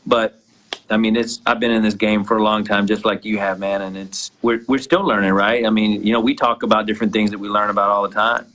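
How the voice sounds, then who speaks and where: A man's voice: on the low side, flat delivery, a little fast, fairly bright tone, low-quality recording. A man, a guest entrepreneur, casually telling a personal story with many restarts.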